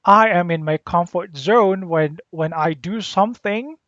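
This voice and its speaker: Teacher, slow deliberate grammar lesson, spells out letters, dull dry lo-fi sound. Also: mid-range voice, fairly bright tone, no echo. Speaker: English teacher.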